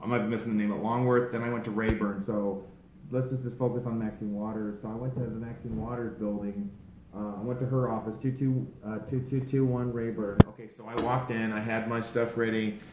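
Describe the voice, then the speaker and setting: A man excitedly recounting his day to a small group, rambling and growing heated as he goes. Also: fairly low pitch, fairly quick. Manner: excited, rambling, grows louder and more heated. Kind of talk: casual storytelling to a small group. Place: outdoors in a city, among supporters. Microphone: handheld phone held by a bystander. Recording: echoey with background noise.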